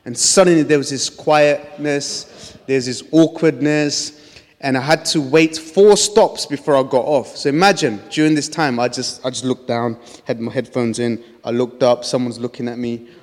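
A man preaches his testimony, telling the story earnestly and restarting his phrases often. His voice sits at a middling pitch. Long reverb from a large hall hangs behind it. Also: fairly even intonation, moderate pace. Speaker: speaker sharing a testimony.

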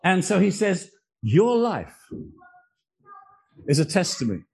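A man's voice: high-pitched, big pitch swings, measured pace, creaky, a little mellow, husky, low-quality recording. A man preaching a sermon, earnest and emotional, telling personal stories.

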